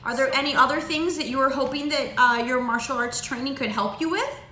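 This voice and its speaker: A woman's voice: high voice, fairly quick, sharp tone, reverberant, a little hiss or hum. A woman karate instructor patiently teaching a child, with lots of encouraging praise. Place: martial arts dojo.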